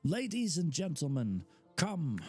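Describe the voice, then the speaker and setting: A man's voice: sing-song, slow pace, a little mellow, husky, soft background music, full character voice. A man playing a scratchy-voiced showman merchant. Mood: showy. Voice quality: scratchy, booming. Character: lanky cheerful male merchant with scratchy showman voice.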